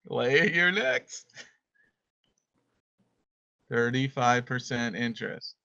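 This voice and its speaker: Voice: medium pitch, slow pace, bright, forceful tone. A teacher running an online homeschool class over a video call, playfully calling on students by name and reading scripture aloud. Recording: dull lo-fi call audio.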